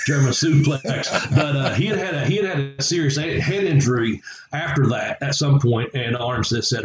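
A man's voice: medium pitch, normal speed, a little hiss or hum. A man, a former wrestler telling rambling stories as a guest, full of chuckles and fillers. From Southern United States. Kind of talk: casual storytelling interview. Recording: echoey room with faint ambience.

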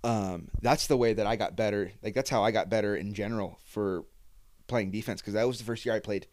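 A man's voice: on the low side, fairly quick, darkish tone. A young man hosting a casual chat with a friend, telling long stories full of fillers and acted-out quotes. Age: young adult. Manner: rambling storyteller with many fillers and acted-out quotes. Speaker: podcast host.

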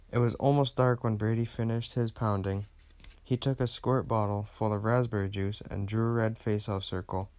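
A man with a lowish voice reads a children's picture book aloud at a gentle, steady pace. The recording is dry and close, with no room sound. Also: no echo. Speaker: narrator. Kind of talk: children's storybook read-aloud.

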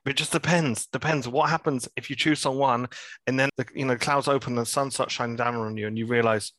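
Podcast host, man, playful quizzer, mid-pitched, dry studio voice. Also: fairly even intonation, brisk, fairly bright tone, no echo, poor audio. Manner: playful, teasing quiz questions. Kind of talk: casual podcast chat.

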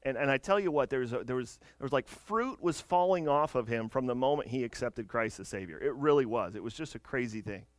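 A man's voice: mid-range voice, expressive, fairly quick, hardly any pauses, no room sound. A man in his thirties or forties preaching a sermon as pastor, earnest, asking the congregation direct questions.

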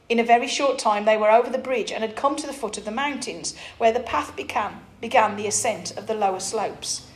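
A woman preacher reading an allegory aloud expressively with small restarts, then preaching. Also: fairly high pitch. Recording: roomy echo.

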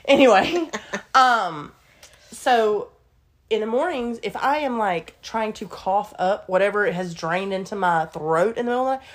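A young woman, chatting casually as co-host, laughing often and reacting loudly. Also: mid-range voice, lively intonation, a little slow. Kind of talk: casual chat.

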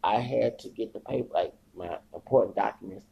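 A man with a gravelly, husky voice rants through an agitated, profanity-laced podcast monologue. He circles back and repeats himself as he goes. The recording sounds dull and lo-fi. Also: on the low side, a little fast. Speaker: podcast host. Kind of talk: rambling casual monologue.

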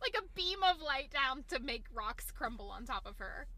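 Bright, animated young woman. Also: sits high, normal speed, a little hiss or hum. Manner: animated, swearing, laughing, acting out scenes. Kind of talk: casual recap chat.

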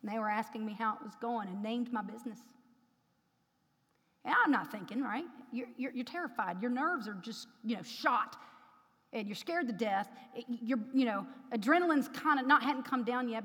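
A woman preacher telling a personal testimony in a sermon, rising to loud, emphatic preaching. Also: on the high side, fairly quick. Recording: long hall reverb.

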